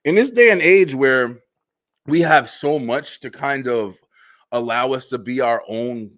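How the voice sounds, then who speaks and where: A man's voice: a little slow, no echo. A young man hosting a web show, telling funny stories in a loose, profane way and laughing often. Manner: animated, laughs often, profane, voice swings high when excited. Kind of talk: casual comedic storytelling.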